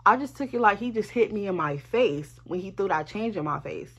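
A woman telling a storytime to her viewers in a lively, profane, chatty way, speaking straight to them. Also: mid-range voice, fairly quick, slightly rough. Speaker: vlogger. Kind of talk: casual storytime.

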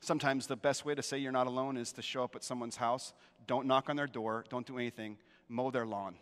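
A man's voice: medium pitch, fairly even intonation, brisk, fairly bright tone, clean tone, big-room sound. A middle-aged male pastor preaching a sermon in a church, emphatic, repeating key phrases and often checking in with the congregation. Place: church sanctuary.

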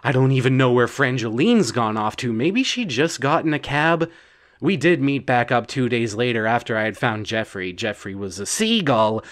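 A man delivering an absurdist comedic monologue, rambling and halting, with stammered restarts. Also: mid-range voice, lively intonation, fairly bright tone. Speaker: storyteller.

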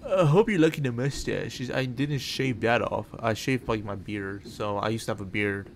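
A man's voice: mid-range voice, normal speed, vocal fry, slight background noise. A man giving casual, profane, rambling commentary while playing a horror game. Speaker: gaming channel host. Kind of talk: casual let's-play commentary.

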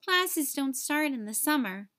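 A woman doing a gentle encouraging mom. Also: high voice, lively intonation, unhurried, no room sound, studio quality, exaggerated voice. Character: kind, supportive mother.

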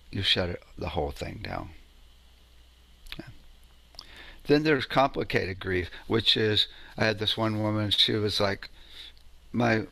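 A man's voice: lowish voice, creaky, fairly bright tone, no echo. A man giving an informal lecture on sound healing, telling stories in a conversational way and often asking "right?".

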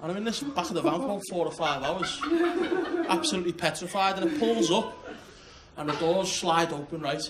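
A man's voice: high-pitched, brisk. A man with a Liverpool accent doing a sweary stand-up set, chatting with the crowd and checking they follow along. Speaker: stand-up comedian. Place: comedy club stage before a laughing crowd. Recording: live club recording, loud crowd and noise.

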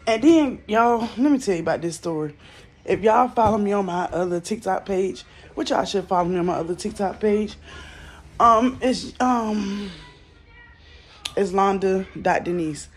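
Medium-pitched at a normal speed, with slight background noise, this young woman has a Southern American accent. Recording on her phone while in bed at home, the vlogger chats casually and bluntly with her viewers and swears freely.

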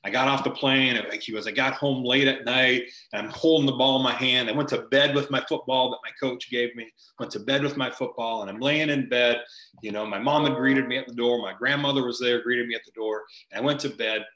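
A man's voice: mid-range voice, steady tone, brisk, sharp tone. A man hosting a ministry huddle over a video call from home, leading a prayer and telling a story earnestly, often repeating and restarting phrases. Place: home, virtual meeting. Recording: echoey room.

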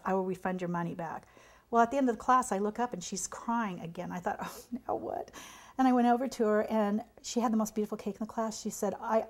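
A woman's voice: medium pitch, darkish tone. A middle-aged woman, a pastry chef, chatting through a cake painting demonstration in an encouraging way. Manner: chatty, encouraging, drops to a near whisper while working. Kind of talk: demonstration tutorial.

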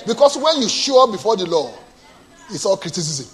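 A male pastor preaching a sermon, asking the congregation to answer and moving between quiet storytelling and loud bursts. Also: sing-song, brisk, some chatter behind. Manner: call-and-response preaching, asks the congregation to answer; drops to a low soft storytelling voice, then bursts out loud.

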